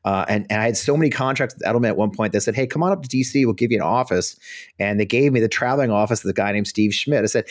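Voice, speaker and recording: A middle-aged American man telling blunt, profane stories as a podcast guest. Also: medium pitch. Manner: fast, blunt anecdotes with swearing and laughter. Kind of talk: storytelling in a podcast interview.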